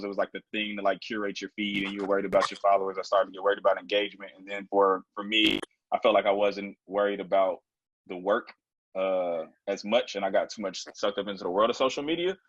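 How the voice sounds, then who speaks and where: A man's voice: on the low side, a bit bright, no room sound, lo-fi sound. A man co-hosting a live video chat, laid-back and thoughtful, with many "like"s. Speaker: co-host. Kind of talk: casual chat on a video call.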